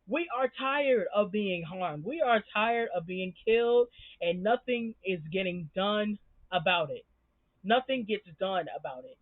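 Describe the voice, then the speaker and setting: A woman's voice: medium pitch, lively intonation, measured pace, no echo. A young woman giving an impassioned, emphatic commentary rant as a show reviewer, frustrated and swearing freely. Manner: emphatic, frustrated, heavy profanity. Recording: tinny phone-like dry sound.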